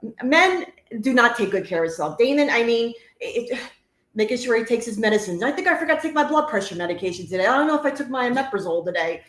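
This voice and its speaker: A woman's voice: on the high side, animated, fast. A middle-aged woman with a New Jersey accent co-hosting a podcast, blunt and outspoken, swearing freely in casual talk. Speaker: podcast co-host. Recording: echoey room.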